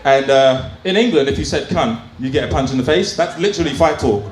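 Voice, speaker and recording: A man's voice: medium pitch, animated, a little fast. A man doing open mic stand-up in a small comedy club, telling crude stories in a chatty way full of fillers. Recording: roomy club sound, faint ambience.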